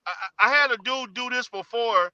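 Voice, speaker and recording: A man hosting a heated live-stream debate who talks forcefully, repeats himself and cuts others off. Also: extremely high pitch, brisk, muffled recording, a crowd in the background. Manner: forceful, repetitive, cutting others off.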